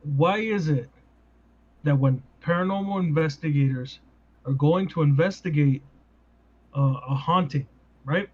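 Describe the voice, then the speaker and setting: A man hosting a podcast in casual chat, animated and full of rhetorical questions. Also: a little high, a little slow, long pauses. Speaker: podcast host. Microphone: podcast mic. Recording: dull lo-fi sound.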